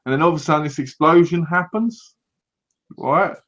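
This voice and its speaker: Animated man reviewing a movie, lo-fi. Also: on the high side, normal speed. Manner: animated, laughing retelling of scenes. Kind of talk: casual chat. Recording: dull lo-fi home recording.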